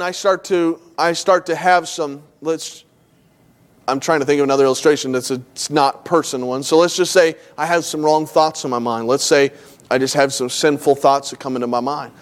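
A middle-aged man preaching a sermon, telling a story about himself and acting out both sides of the dialogue in an animated way. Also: on the high side. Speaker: pastor. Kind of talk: sermon with acted illustrations.

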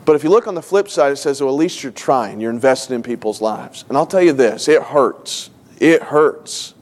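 The pastor, a middle-aged man, speaks at an ordinary speed with a fairly high pitch and lively intonation. He preaches through earnest, emotional stories, sometimes tearful, and repeats key phrases to stress them.

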